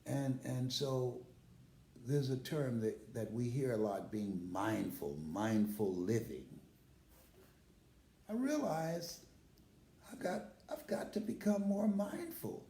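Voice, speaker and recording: A man's voice: mid-range voice, big pitch swings, takes it slowly, long pauses, dark tone, roomy sound. An older man, a motivational speaker, telling personal stories in a casual live stream and laughing heartily as he talks.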